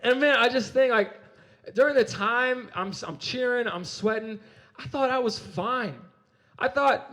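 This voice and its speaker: A man's voice: extremely high pitch, a little slow, fairly bright tone. A young adult man giving a youth sermon, telling a personal story with energy and often repeating his words. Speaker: campus ministry speaker.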